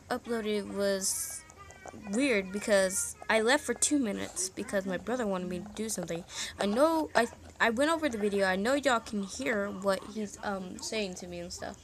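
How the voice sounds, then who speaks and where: A woman's voice: mid-range voice, measured pace, a little hiss or hum. A woman rambling in a moody, self-deprecating way in a casual vlog from her bedroom, half whispering at times, recorded on a phone. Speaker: vlogger. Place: bedroom at home.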